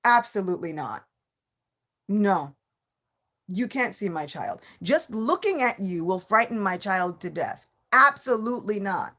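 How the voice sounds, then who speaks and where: A woman's voice: mid-range voice, animated, unhurried. A woman voicing a fiercely protective new mother in a scripture story, refusing firmly and emphatically. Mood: adamant.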